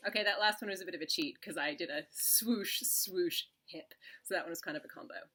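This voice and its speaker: A woman from the UK teaching a dance lesson, explaining in a relaxed, casual way with some filler words. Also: fairly low pitch, brisk, husky, faint music behind. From United Kingdom. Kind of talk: casual instructional talk.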